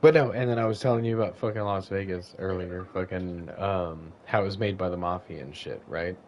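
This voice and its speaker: Brief: man, lowish voice, profane rambling storyteller, faint hiss behind. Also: fairly quick, darkish tone. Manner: rambling, profane, loses his thread. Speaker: podcast co-host. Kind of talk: casual storytelling.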